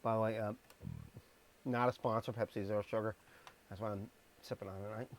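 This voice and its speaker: A man's voice: lowish voice, steady tone, fairly quick, slight background noise. A man reading scripture on a live stream, stressing words and dropping blunt, sarcastic asides. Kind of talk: live-streamed Bible message. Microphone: streaming microphone.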